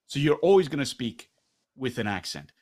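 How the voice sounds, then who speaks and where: A man's voice: mid-range voice, very animated, normal speed, darkish tone. A middle-aged man, a guest in a candid interview, making his points with rhetorical questions and a tag of "right?". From Canada.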